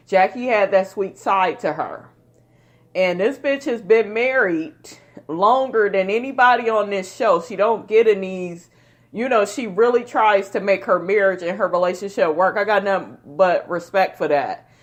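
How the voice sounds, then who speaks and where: A woman in the middle of her range rambles through a reality show recap in a chatty, conversational way. She is blunt and outspoken and swears freely. She talks straight to the viewers as if they were friends. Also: mid-range voice. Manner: chatty, addresses viewers directly. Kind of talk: casual recap commentary.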